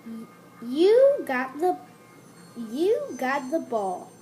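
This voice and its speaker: A children's lesson host reading out a cheerful little girl coaxing her puppy, in a singsong, drawn-out voice. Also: high voice, huge pitch swings, a little mellow, soft background music, exaggerated voice.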